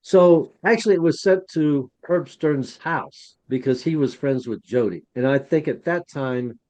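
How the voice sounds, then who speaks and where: A man's voice: fairly high pitch, a little slow, a little mellow. A man co-hosting a podcast, telling a chatty, rambling story and acting out the dialogue. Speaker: podcast co-host, museum curator. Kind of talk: anecdotal storytelling.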